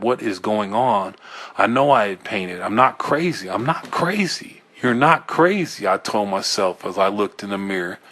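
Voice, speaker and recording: Low-voiced man reading a horror story. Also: fairly bright tone. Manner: tense, halting narration with self-corrections. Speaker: audiobook reader.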